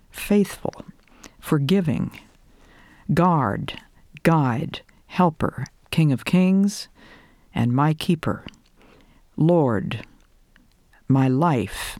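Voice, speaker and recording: An older woman giving a devotional talk, measured and deliberate, lingering over each item in a list. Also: extremely low pitch, a little mellow, dry recording. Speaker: Christian speaker.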